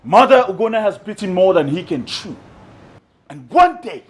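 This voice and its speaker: A man's voice: high-pitched, sing-song, moderate pace, breathy edge, heavily acted. An actor with a Nigerian accent playing a hot-headed young prince who resents his older brother, accusing and sneering. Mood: angry. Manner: accusing, sneering, shouts at times. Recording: film soundtrack with music under it.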